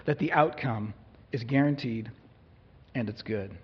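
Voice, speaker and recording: Pastor guy preaching, kinda husky, chatty, keeps asking the crowd stuff, echoey hall. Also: medium pitch, a little slow. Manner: conversational, asks the congregation questions. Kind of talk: sermon. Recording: echoey hall, dull lo-fi sound.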